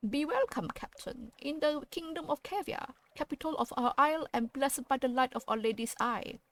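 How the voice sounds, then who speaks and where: A woman's voice: high-pitched, lively intonation, normal speed, pitched above the performer's own voice. A woman putting on a grand guinea pig seneschal with a fancy accent. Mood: solemn. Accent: put-on weird fancy accent. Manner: theatrical, lofty and declaiming.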